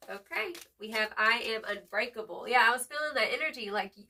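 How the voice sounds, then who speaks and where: A woman giving a casual tarot reading to camera, expressive and slangy, swearing freely as she hypes up the viewer. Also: on the high side, a little fast, hardly any pauses, far from the mic, noisy background. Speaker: tarot reader.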